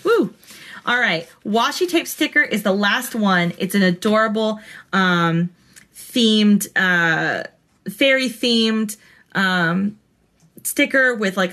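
A woman's voice: mid-range voice, fairly bright tone. Chatty woman vlogger unboxing stickers. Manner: chatty and rambling, gushing over cute stickers. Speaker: planner vlogger and host. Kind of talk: casual unboxing chat. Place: home desk in front of a computer.

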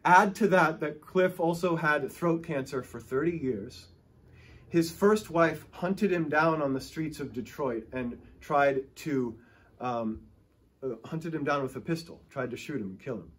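Husky-voiced male pastor preaching. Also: on the high side, unhurried, fairly bright tone. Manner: emphatic storytelling, voice rising and falling. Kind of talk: sermon.

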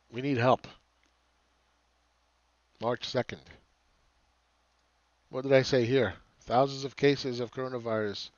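This market analyst host has a mid-range voice, captured lo-fi with no room sound. Exasperated and sarcastic, he rants on his commentary channel and hammers home points by repeating phrases.

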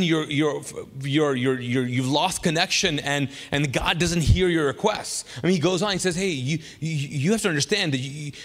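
A man preaching a sermon as pastor, lively and chatty, acting out funny stories with sudden loud bursts. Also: on the high side, long reverb tail. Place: church sanctuary.

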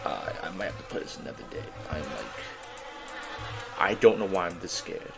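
A young man playing a horror game demo and talking through it, jittery and swearing, yelling when startled. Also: deep voice, sing-song, moderate pace, vocal fry, over loud music. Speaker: gaming YouTuber. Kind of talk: horror game let's play commentary.

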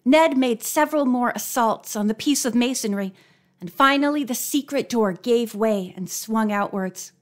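A woman narrates a mystery story aloud in a slightly high voice. Her reading is scripted and expressive. She lifts her pitch when characters speak. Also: normal speed. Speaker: audiobook narrator.

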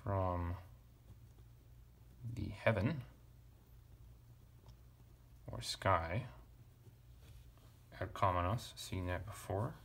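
A man teaching ancient Greek grammar at a relaxed pace, thinking aloud and correcting himself with casual asides. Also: sits low, drawn-out words, gravelly, pauses often. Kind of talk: relaxed verse-by-verse parsing lesson.

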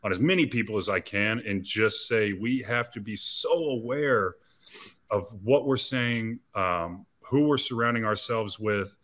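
A man's voice: on the low side, unhurried, fairly bright tone. A man in his thirties, an athlete and interview guest, telling a personal story in an earnest, confessional way with frequent restarts.

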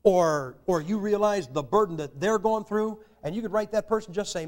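Older american guy preaching, high voice, joking folksy style, punches words up loud. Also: moderate pace. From United States. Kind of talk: sermon.

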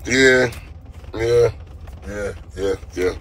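A man telling a story on a casual livestream, animated and profane, repeating his phrases. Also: sits high, a little fast, slight background noise.

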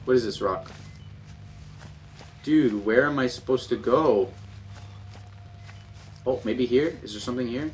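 A man's voice: medium pitch, unhurried, long pauses, a little hiss or hum. A young man commentating a horror game, jumpy and panicky, muttering repeated words to himself. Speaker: gameplay commentator.

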